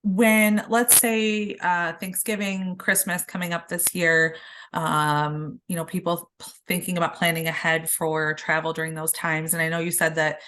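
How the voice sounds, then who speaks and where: A woman hosting an interview, asking rambling questions with fillers and pauses. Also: on the low side, level tone, a bit bright, a little hiss or hum. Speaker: interviewer, host.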